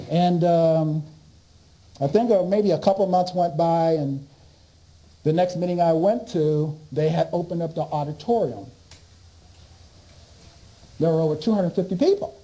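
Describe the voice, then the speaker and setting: A man giving a lecture, telling an animated story and laughing along with it. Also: on the high side, a little slow, long pauses, rough recording.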